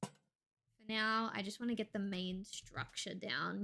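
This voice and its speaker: A woman's voice: medium pitch, steady tone, a little slow, creaky, sharp tone. A woman streamer chatting casually while she plays, thinking aloud and swearing now and then. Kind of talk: casual gameplay stream chat.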